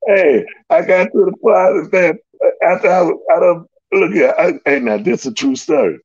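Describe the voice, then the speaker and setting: A man telling stories in casual slangy talk, animated and loose, often laughing. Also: moderate pace, husky, no room sound, lo-fi sound. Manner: animated, loose slangy storytelling with big pitch jumps and laughs. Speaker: guest storyteller. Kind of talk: casual storytelling.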